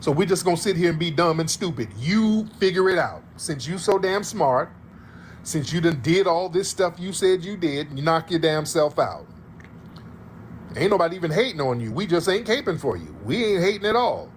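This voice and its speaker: A man's voice: fairly high pitch, expressive, normal speed, a little hiss or hum. A man from the United States hosting a livestream, ranting in heated, profane reaction commentary and repeating his points for emphasis. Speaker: livestream host.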